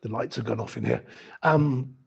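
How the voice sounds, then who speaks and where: A man interviewing a coach, asking questions in a halting way as he searches for his words. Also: mid-range voice, vocal fry, breathy edge. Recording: dull lo-fi recording.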